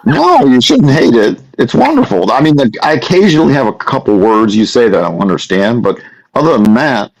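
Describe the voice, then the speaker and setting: A man chatting on a live online panel, friendly and warmly complimentary, telling a story. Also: mid-range voice, very animated, fairly quick, low-quality recording. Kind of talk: casual live panel chat.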